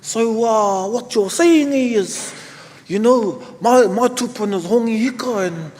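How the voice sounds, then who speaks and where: A man's voice: high-pitched, measured pace, a little mellow, in a large hall, voice pushed up. A man with a New Zealand accent voicing a cheeky, proud ten-year-old boy who asks eager questions. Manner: eager, questioning, ends with 'eh, sir'.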